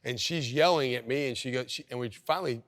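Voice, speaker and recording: A man's voice: mid-range voice, fairly bright tone, no room sound, clean studio sound. A man in his forties, a head football coach, telling stories and giving a tour in an easygoing, chatty way. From Kentucky. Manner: easygoing storyteller, quick asides. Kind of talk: casual interview and facility tour.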